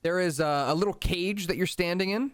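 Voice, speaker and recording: A man runs a tabletop game in an easygoing, descriptive way. His voice sits fairly high and sounds smooth and clear. The recording is dry and close, with no room sound. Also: fairly quick, no echo. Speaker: game master.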